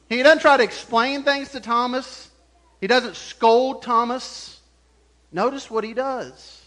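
A man preaching a sermon as pastor, animated, chuckling often and acting out the voices he quotes. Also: very high-pitched, a little slow.

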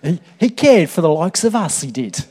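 A man's voice: a little high, very animated, dark tone. A man voicing a ragged old woman, a grateful convert, in a half-hearted Cockney accent that he soon drops. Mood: fond. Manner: half-hearted, quickly dropped impression.

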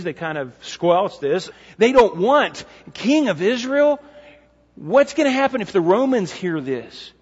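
Brief: male pastor, high voice, relaxed conversational sermon, muffled recording in a church. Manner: explains passages in a casual, conversational teaching tone. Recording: dull sound with long hall reverb.

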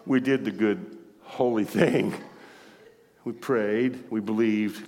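Animated preacher in a reverberant hall. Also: male voice, fairly low pitch, slow pace. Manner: animated, acts out dialogue, laughs often. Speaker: pastor. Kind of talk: sermon storytelling. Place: church.

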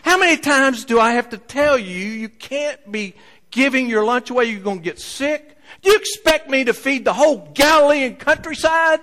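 A man voicing an exasperated mother scolding her son, raising his pitch high. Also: animated, normal speed, warm tone. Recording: long hall reverb.

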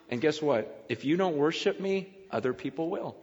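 A man's voice: on the high side, animated, normal speed, a little mellow. A male pastor giving a sermon in a conversational, emphatic way, repeating phrases for stress. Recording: dull lo-fi recording in a long-reverb hall.

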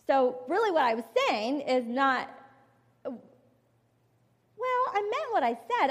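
A woman's voice: high-pitched, big pitch swings, measured pace. A middle-aged woman speaking at a conference, giving a candid, emphatic personal testimony in a sermon style, recorded in a large hall. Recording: long hall reverb.

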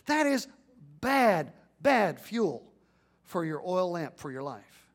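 A man with a notably high voice delivers a sermon from the pulpit. He builds his points to emphatic peaks and has the congregation repeat phrases back to him. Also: sing-song, slow pace, vocal fry. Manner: preaching with rising emphatic peaks and call-and-response. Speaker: pastor.

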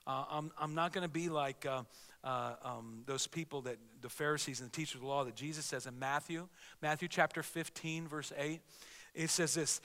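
A man's voice: a little high, fairly even intonation, moderate pace, pushed and bright, big-room sound. A man preaching a sermon as pastor, earnest and conversational, often restarting his sentences.

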